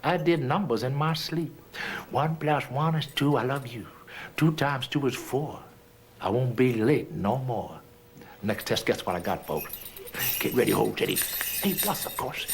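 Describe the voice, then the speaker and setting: A man performing a rhythmic, rhyming story, swooping between soft and loud in a sing-song way. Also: medium pitch, normal speed, slight background noise.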